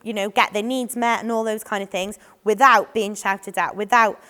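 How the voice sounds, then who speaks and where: A woman's voice: mid-range voice, steady tone, moderate pace, pushed and bright. A woman giving an informal training talk, with many ums and restarts, acting out what children and adults might say. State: voice a bit off today. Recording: long hall reverb.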